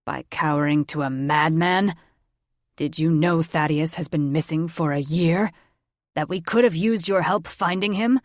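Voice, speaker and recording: A man's voice: a little high, level tone, unhurried, creaky, few pauses, no room sound, studio quality. A woman voicing a proud, bitter teenage dragon-shifter boy who grumbles, in a fantasy audiobook. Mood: angry.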